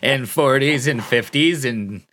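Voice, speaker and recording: A man's voice: mid-range voice, a little slow, fairly bright tone. A man in his thirties co-hosting a casual podcast chat, wry and self-deprecating, laughing often, sick with a cold. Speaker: podcast co-host.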